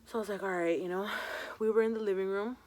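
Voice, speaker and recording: A woman's voice: mid-range voice, steady tone, fast talker, a little mellow. A young woman vlogger telling a personal story in a casual storytime, full of "um" and "like". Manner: chatty, many fillers like "um" and "like".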